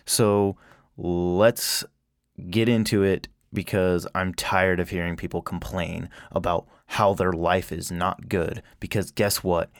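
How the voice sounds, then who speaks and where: A man's voice: sits low, flat delivery, slow pace, clean tone, no echo, studio quality. A man giving a blunt, heated warning at the start of his podcast, poking fun at himself. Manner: blunt, heated, self-mocking. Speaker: podcast host. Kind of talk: spoken warning intro.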